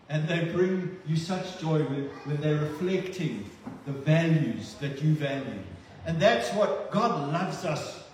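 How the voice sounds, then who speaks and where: Male pastor, earnest sermon delivery, mid-high voice, distant mic, roomy church echo. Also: darkish tone, a little hiss or hum. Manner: earnest, repeats words for emphasis. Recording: echoey hall, distant mic.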